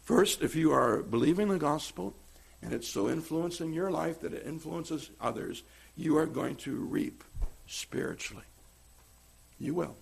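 A man preaching a sermon as pastor, swinging between loud emphatic stress and quiet asides. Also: fairly high pitch, animated, a little slow, creaky, slightly rough.

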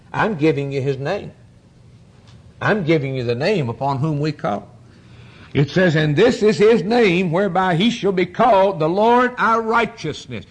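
A man preaching a sermon, emphatic, his voice swinging up and down as he stresses points and spells out words. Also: on the high side.

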